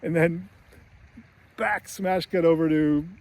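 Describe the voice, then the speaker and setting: A man's voice: a little high, steady tone, takes it slowly, a little mellow. A man casually retelling a film scene in a chatty way, laughing often and using many fillers. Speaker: screenwriting commentator.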